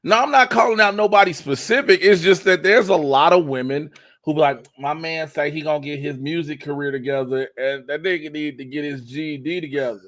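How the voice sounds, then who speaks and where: Podcast cohost guy, bright sharp voice, keeps ribbing his buddy loud and playful. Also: fairly high pitch, brisk, few pauses. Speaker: podcast co-host. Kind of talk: casual comedic chat.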